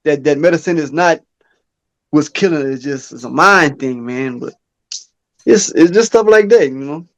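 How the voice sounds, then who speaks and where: A man's voice: fairly high pitch, animated, normal speed, dull audio. A man, co-hosting a podcast and telling an earnest story. He talks casually and acts out quoted dialogue. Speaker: podcast co-host.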